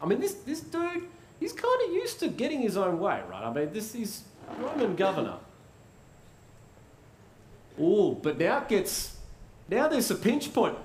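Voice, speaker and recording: A male pastor delivers a sermon in a chatty, questioning style with dramatic pauses. His voice sits high and swings widely in pitch, and he speaks at an unhurried pace. The sound has a roomy echo. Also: wildly swooping pitch, slight background noise.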